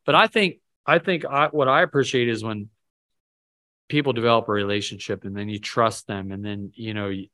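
A man's voice: on the low side, normal speed, sharp tone. Chatty man leading a Bible study. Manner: conversational, rambling, self-deprecating, asks the group questions. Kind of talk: casual Bible study teaching.

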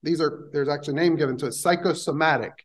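A male pastor delivering a sermon to his congregation. He speaks conversationally, pausing and restarting as he works through the passage. His voice sits somewhat high for a man. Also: steady tone, rough recording. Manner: conversational preaching with pauses and restarts.

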